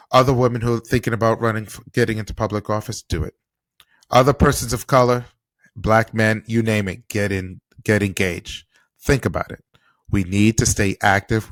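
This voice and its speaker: A man's voice: lowish voice, no room sound. A man hosting a political podcast, delivering an impassioned commentary monologue full of rhetorical questions. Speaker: podcast host.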